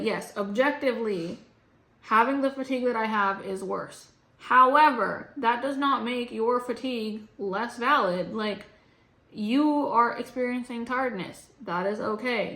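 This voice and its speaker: A woman's voice: a little high, a bit bright. A young woman vlogging, venting casually and frankly, rambling with lots of "like". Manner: rambling, frank, heavy use of "like". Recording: roomy echo.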